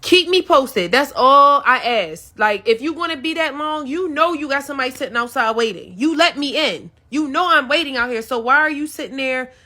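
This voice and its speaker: A woman rants through a casual storytime, exasperated and profane, talking straight to her viewers as y'all. Her voice sits high and sounds bright. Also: expressive, moderate pace, few pauses. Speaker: storyteller recounting a salon dispute.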